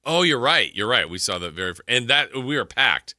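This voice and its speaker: A man hosting a sports radio show, chatting casually and trailing off in a relaxed, rambling way. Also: mid-range voice, a little fast, no echo, clean studio sound. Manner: rambling, laid-back, trailing off. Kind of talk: casual chat and show segue.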